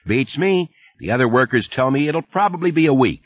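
A man voicing a groggy, gravelly middle-aged male factory manager who keeps coughing, in an audiobook reading. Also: mid-range voice, animated, a little fast, no echo, muffled recording, voice pushed up. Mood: weary puzzled.

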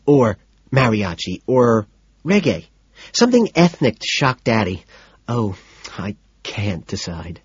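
A spoiled young society woman gushing and whining in an audiobook, voiced by a male narrator. She talks breathlessly, a touch higher than his own low voice. The recording is dull and lo-fi. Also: lively intonation, measured pace, husky, dry recording.

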